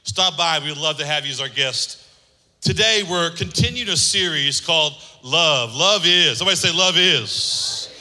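A man preaching a sermon as pastor, energetic and calling for responses from the congregation. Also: on the high side, moderate pace. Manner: energetic, calls for audience responses. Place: large church hall. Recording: long hall reverb.

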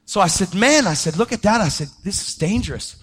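A man preaching a sermon, telling a story with lively energy and acting out the voices of the people in it. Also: a little fast, breathy edge. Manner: animated, acts out quoted voices, pitch jumping up when excited.

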